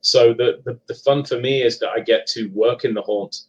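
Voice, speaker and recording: A middle-aged man from England with a Leicester accent softened by years abroad, chatting as a podcast guest, hesitant and full of ums and restarts. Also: mid-range voice, fairly even intonation, normal speed, low-quality recording. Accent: Leicester English, partly Americanized. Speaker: guest author and paranormal investigator. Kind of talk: casual live podcast chat.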